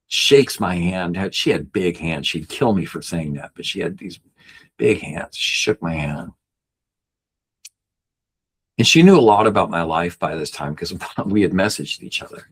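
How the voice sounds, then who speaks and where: A middle-aged man, a podcast guest, telling a personal story earnestly and acting out the people he quotes. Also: husky. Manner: earnest, acts out quoted people with raised pitch.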